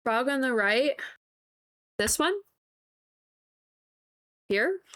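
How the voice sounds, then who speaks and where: A woman's voice: high-pitched, lively intonation, extremely slow, sharp tone. Giggly rambling woman streamer. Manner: rambling and giggly, with many "like" fillers. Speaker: livestreamer painting on stream. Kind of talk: casual chat with viewers.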